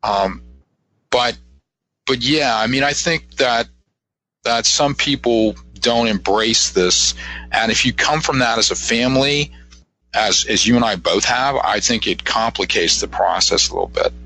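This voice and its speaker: A man's voice: mid-range voice, measured pace, creaky, bright, forceful tone, poor audio. A man from Ohio, a psychic guest on a radio talk show, speaking earnestly and encouragingly with frequent restarts. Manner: earnest, encouraging, many restarts and "you know".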